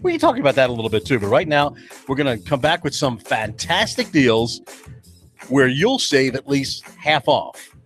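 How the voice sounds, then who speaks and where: On a talk radio show, a male host with a mid-range voice chats casually and cracks jokes in the studio, speaking at a moderate pace over soft background music. He's animated and jokey, acting out other people's voices, and is recorded on a studio microphone.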